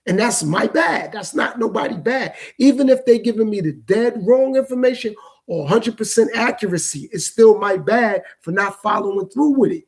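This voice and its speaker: A man holds forth on his own podcast in a loose, circling, reflective monologue. His voice sits high for a man, with a gravelly, fried edge and a husky, breathy texture. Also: animated, moderate pace. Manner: loose, repetitive, reflective street-talk delivery. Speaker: podcast host. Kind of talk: casual solo podcast monologue.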